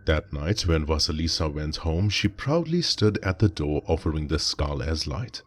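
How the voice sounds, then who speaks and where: A man reading a scripted horror story in a measured, dramatic way. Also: rumbling low, big pitch swings.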